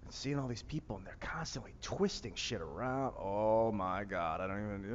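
Man, Northeast Ohio accent, casual rambling vlog, lots of fillers, slightly low voice, muffled sound. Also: normal speed, long reverb tail, slight background noise. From Northeast Ohio, USA. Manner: musing, meandering, many fillers and restarts. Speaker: vlogger. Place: outdoor rooftop among plants.

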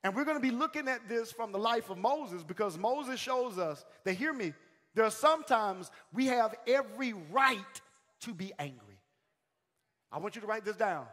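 A male pastor preaching a sermon in a church, calling out to the congregation, swinging from shouted peaks to sudden quiet lines. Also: high-pitched, animated, normal speed. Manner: calls out to the congregation. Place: church sanctuary. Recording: long hall reverb.

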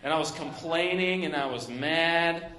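Young pastor in an echoey church. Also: male voice, a little high, unhurried, bright, forceful tone. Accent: Midwestern American. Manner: storytelling with many fillers and restarts. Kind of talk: sermon. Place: church sanctuary.

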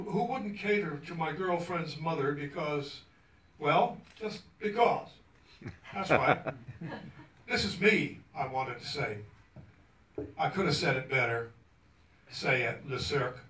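A man's voice: on the high side, fairly bright tone. A man from Arkansas reading his own story aloud to an audience, wry and chuckling as he goes. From Arkansas, USA. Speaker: guest speaker. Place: event hall at a cultural center. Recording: roomy hall, mic at a distance.

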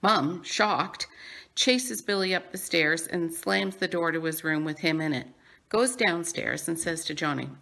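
A woman's voice: lowish voice, measured pace, gravelly, a bit bright. A woman telling a cheery joke, saying "bleep" instead of the curse words. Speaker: church member telling a joke.

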